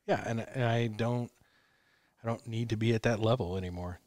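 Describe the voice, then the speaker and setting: A man's voice: on the low side, moderate pace, dry recording, studio quality. A man in his fifties chatting casually, telling stories with energy and acting out what he said back then. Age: 50s. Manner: animated storyteller who acts out his own quotes. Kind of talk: casual chat.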